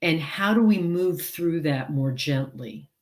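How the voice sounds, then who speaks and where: A woman's voice: deep voice, expressive, measured pace. A woman author and counselor speaking as an interview guest over a video call, earnest and rambling with many fillers. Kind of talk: casual interview chat.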